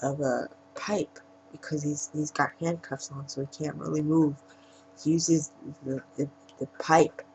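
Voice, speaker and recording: Brief: woman film reviewer, low voice with vocal fry, casual rambling recap. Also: a little hiss or hum, low-quality recording. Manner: rambling retelling with frequent restarts. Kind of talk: casual spoken plot recap.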